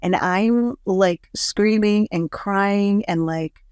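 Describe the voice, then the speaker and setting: A woman's voice: medium pitch, slow, a little mellow, clean tone, no echo, clean studio sound. A woman hosting a podcast, talking casually and reflectively with frequent fillers. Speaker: podcast host. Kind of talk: casual conversation.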